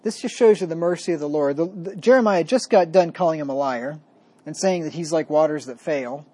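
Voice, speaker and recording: A man preaching a sermon, reading scripture slowly with emphasis and then explaining it in a plain, conversational way. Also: on the high side, dark tone. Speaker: pastor.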